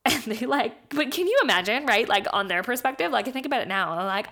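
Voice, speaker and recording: A woman's voice: on the high side, animated, fairly quick, a bit bright. A young woman from Canada, a podcast host, telling her life story casually with laughter and the odd swear. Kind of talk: personal storytelling.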